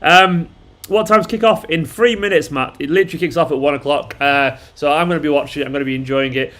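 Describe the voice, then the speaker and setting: Chatty man with a higher voice. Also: fairly even intonation, fast, fairly bright tone. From Manchester, England. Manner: chatty and rambling, reads out and answers viewer messages. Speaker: fan channel host. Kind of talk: casual live watchalong chat.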